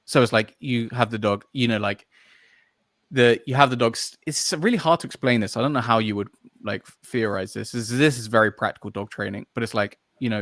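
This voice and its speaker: A man's voice: mid-range voice, a little fast, fairly bright tone, no echo, clean studio sound. A man guesting on a podcast, talking casually and at length, full of fillers and restarts as he searches for words. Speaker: podcast guest, dog trainer. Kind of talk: casual interview chat.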